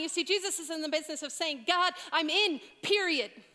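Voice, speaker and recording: A woman preaching a sermon, earnest and emphatic, dropping to a hush on key points. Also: very high-pitched, a little fast, few pauses, long reverb tail.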